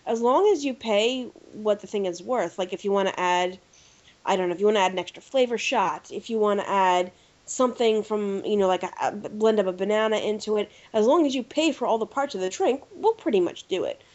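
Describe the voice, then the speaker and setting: A US woman hosting a podcast tells an anecdote in casual chat, animated and lively, with plenty of fillers. Her medium-pitched voice moves briskly. The podcast audio is dull and lo-fi.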